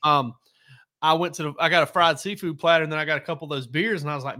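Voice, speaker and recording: A man tells loose, meandering stories in a casual podcast chat, backing up to fix names and details as he goes. His voice sits a bit high and sounds bright and forceful. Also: racing. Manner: rambling, self-correcting, laid-back storyteller. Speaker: sports reporter.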